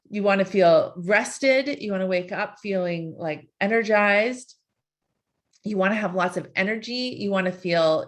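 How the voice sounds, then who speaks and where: Female life coach, mid-pitch, conversational and coaxing, live online class. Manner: repetitive, questioning, coaxing.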